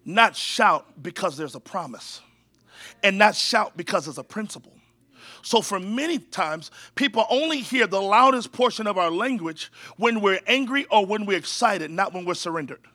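A man preaching a sermon with high energy, calling out to the congregation to repeat after him and cracking jokes along the way. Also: lively intonation, moderate pace, pushed and bright, no echo. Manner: jokey asides to the crowd. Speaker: pastor.

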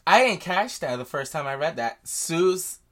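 A man co-hosting a casual book podcast, throwing in quick slangy reactions and his own opinions. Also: a little high, big pitch swings, fairly bright tone. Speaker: podcast co-host.

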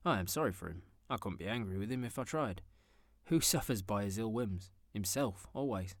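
A man's voice: fairly low pitch, expressive, normal speed, dry recording, studio quality. A man voicing a jovial young man who laughs heartily, in a storybook reading. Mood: merry. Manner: hearty, laughing, bright delivery.

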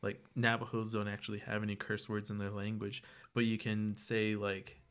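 A man's voice: on the low side, monotone, normal speed, a bit bright, clean tone. A man from New Mexico, co-hosting a podcast, who explains points in a casual, clarifying way. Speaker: podcast co-host. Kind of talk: casual chat.

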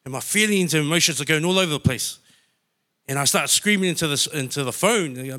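A man from New Zealand with a bright, forceful, somewhat higher voice tells his story in church. He speaks in a heartfelt, emotional way, as a personal testimony. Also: a little fast. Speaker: church member sharing testimony.

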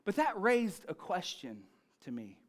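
A male pastor preaching a sermon, telling family stories in an animated, punchy way. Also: high voice, a little slow.

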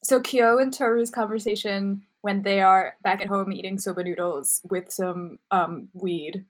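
Young woman, casual co-host, mid pitch, filler-heavy, relaxed and opinionated. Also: a little slow. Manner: relaxed, opinionated, uses filler words often. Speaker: podcast co-host. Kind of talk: casual chat about anime.

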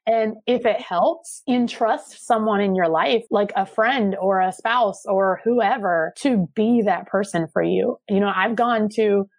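A woman's voice: mid-range voice, measured pace, hardly any pauses, no room sound. Earnest woman coach, dry close sound. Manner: earnest, encouraging, lots of "like" fillers. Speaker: guest, money and marketing coach. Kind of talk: casual motivational interview talk.

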